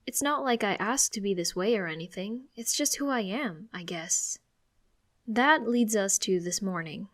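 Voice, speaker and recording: A woman reading a first-person audiobook aloud in a mid-range voice. Her narration is expressive and conversational, like a personal diary told out loud. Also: mid-range voice.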